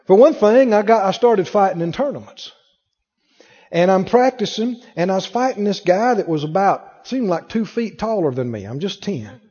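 A man's voice: high voice, expressive, moderate pace, dark tone, slightly rough, big-room sound, lo-fi sound. A man preaching a sermon, telling a personal story and acting out the voices in it.

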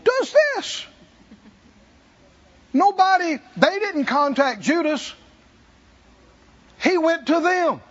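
A man's voice: very high-pitched, lively intonation, slow pace, long pauses, a bit bright, muffled recording. A man preaching a sermon as pastor, emphatic and repetitive in a church.

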